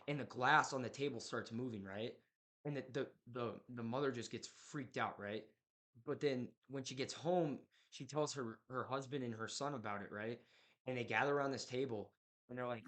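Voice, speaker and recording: A man's voice: medium pitch, normal speed, a bit bright. Rambling young man retelling a movie. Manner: rambling, full of "like" and "right?", slangy. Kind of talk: casual chat retelling a horror movie.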